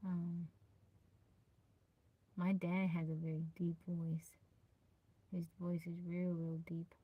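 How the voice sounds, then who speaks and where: A soft-spoken, easygoing woman chatting casually with viewers on a live stream. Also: lowish voice, level tone, slow pace, husky, no echo, narrow, tinny audio.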